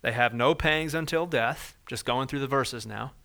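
A man preaching a sermon with a bright, forceful voice. He talks to the congregation conversationally and acts out everyday moments in lively put-on voices. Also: medium pitch, moderate pace, creaky. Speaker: pastor.

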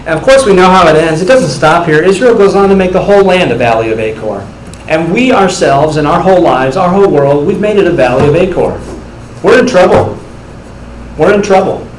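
A young man preaching a sermon as pastor, earnest and direct, building to animated storytelling. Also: a little high, fast, roomy sound, slight background noise, rough recording.

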